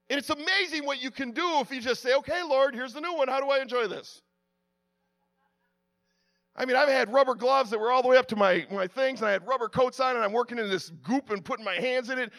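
A man preaching, telling a lively personal story with sound effects and frequent restarts. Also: extremely high pitch, a little fast. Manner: drops to a hushed, prayerful tone at the close.

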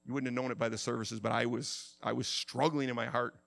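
A middle-aged male pastor preaching a sermon, swinging from quiet confession to impassioned shouting. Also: medium pitch, level tone, fairly quick, gravelly.

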